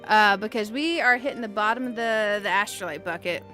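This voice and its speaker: A woman's voice: mid-range voice, brisk, pushed and bright, faint music behind. A woman streaming a game, chatting casually, giggling often and greeting viewers by name. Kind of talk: casual live-stream chat while playing.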